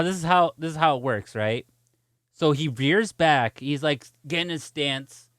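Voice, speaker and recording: Man, gaming streamer, casual chat, laughing storyteller, slightly high voice, smooth, dry sound. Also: dry recording. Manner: animated, laughs often while telling a story; reads and answers viewer chat.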